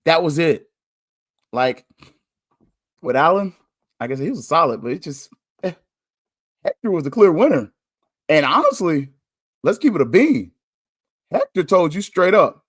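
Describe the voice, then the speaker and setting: A man hosting a podcast, talking candidly in a casual monologue, chatty and quick to laugh. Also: a little high, sing-song, no echo, clean studio sound. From United States. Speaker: podcast host.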